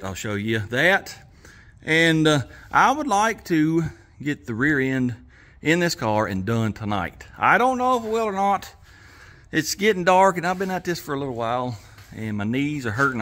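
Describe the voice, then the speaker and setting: Man, garage vlog host, breathy, lively pitch, talks in a folksy ramble. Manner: folksy drawl, rambling and self-deprecating. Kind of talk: casual workshop vlog. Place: home garage.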